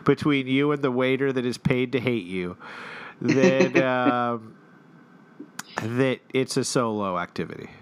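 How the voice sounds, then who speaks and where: A man co-hosting a casual chat, reading a restaurant menu out loud with plenty of laughter and some swearing. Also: medium pitch, measured pace, clean tone. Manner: laughing, playful, swears freely. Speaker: podcast co-host.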